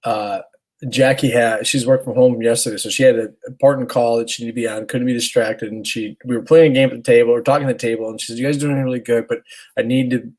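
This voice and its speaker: A man in his thirties co-hosts a podcast in an easygoing, chatty way. He tells family stories with animated energy and often jumps into his kids' voices. His voice sits at an ordinary, mid-range pitch. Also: fast talker, low-quality recording. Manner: animated storyteller, acts out his kids' lines. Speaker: podcast co-host, stay-at-home dad. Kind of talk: casual chat.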